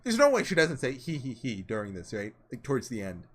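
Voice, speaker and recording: A man's voice: mid-range voice, huge pitch swings, fast, faint music behind. A man hosting a visual novel playthrough, rambling casually with lots of filler words. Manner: rambling, chatty, full of "like". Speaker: let's play host. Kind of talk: casual game commentary.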